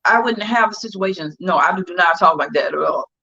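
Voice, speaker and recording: A woman's voice: fairly low pitch, a little fast, creaky, bright, forceful tone, breathy edge. A woman telling a story in casual chat on a livestream, blunt and profane. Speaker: guest. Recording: dull lo-fi livestream audio.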